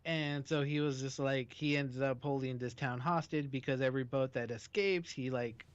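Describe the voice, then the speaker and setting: A man's voice: medium pitch, steady tone, moderate pace, smooth, dry recording, dull audio. A man co-hosting a talk radio show, chatting casually with dry, joking asides. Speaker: radio co-host.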